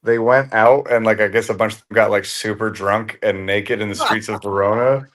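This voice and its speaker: Animated, swearing American fight promoter. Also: male voice, lowish voice, moderate pace. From United States. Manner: animated, swears freely, tells stories. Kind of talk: casual chat.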